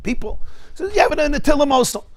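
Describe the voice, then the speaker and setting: A man teaching a Torah class, emphatic and lively, weaving Hebrew quotations into his talk. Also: very high voice, very fast. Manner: emphatic, mixes Hebrew and Yiddish terms into English, acts out voices.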